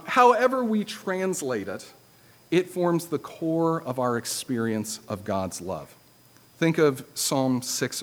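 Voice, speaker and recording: A man's voice: mid-range voice, in a large hall. A man preaching a sermon to his congregation, teaching in a conversational way with dry, self-deprecating humor.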